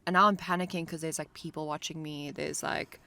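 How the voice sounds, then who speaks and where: Riding in a car, a young woman who co-hosts a podcast tells a story in casual chat. Her low, gravelly voice runs a little fast, and she's an animated storyteller who says "like" constantly.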